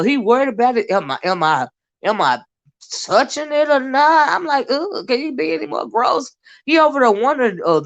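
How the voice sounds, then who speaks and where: A high-voiced woman runs a relaxed livestream, chatting away, welcoming viewers by name and breaking into frequent laughter.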